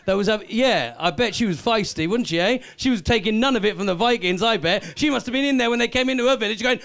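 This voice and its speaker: A man's voice: high-pitched, lively intonation, quick pace, few pauses, fairly bright tone. A Welsh man doing a live stand-up comedy set, cheekily teasing and chatting with the audience. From Wales.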